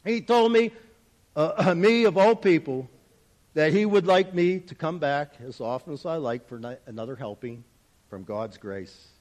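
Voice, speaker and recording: A man telling a first-person spoken parable in an earnest, dramatic way, his volume rising and falling widely. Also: sits high. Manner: earnest, dramatic storytelling with wide swings in volume. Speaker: storyteller.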